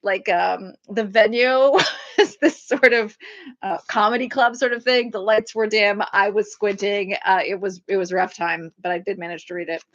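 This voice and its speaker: A woman talks loosely on a livestream, circling her thoughts with "um" and "like" and breaking into small laughs. Her pitch sits in a middle range. The sound is a little dull and lo-fi, like a home livestream mic. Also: fairly even intonation, normal speed, fairly bright tone. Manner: chatty, rambling, frequent fillers and laughs. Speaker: author hosting a livestream. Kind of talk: casual livestream chat.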